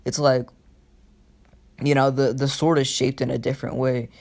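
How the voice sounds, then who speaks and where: A man's voice: mid-range voice, flat delivery, normal speed, a little mellow. A young man casually retelling a fan story, rambling with lots of fillers and swearing.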